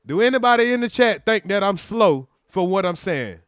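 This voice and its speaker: A man's voice: sits high, expressive, moderate pace, hardly any pauses, fairly bright tone, clear, resonant tone, dry recording, studio quality. A man streaming his reaction to a clip, mocking and sarcastic, talking straight to his chat. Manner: mocking, sarcastic, mimics apologies in exaggerated voices. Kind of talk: livestream reaction commentary.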